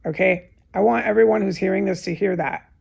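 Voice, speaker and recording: A woman's voice: mid-range voice, a little fast, gravelly, a little mellow, slightly rough. A woman alone in a room, talking in an agitated, profane, repetitive monologue with many restarts. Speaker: vlogger giving testimony. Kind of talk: unscripted emotional monologue to camera.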